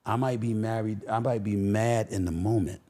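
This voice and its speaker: A man talking as a podcast guest, an animated, emphatic storyteller who repeats phrases for punch. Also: fairly low pitch, moderate pace. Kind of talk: casual interview talk.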